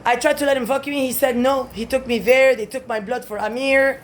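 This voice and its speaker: A woman in a rambling, agitated monologue to camera, swearing often and jumping from point to point, sometimes breaking into shouts. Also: high voice, normal speed, few pauses, slight background noise. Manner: agitated, profane, jumps between topics, bursts into shouting.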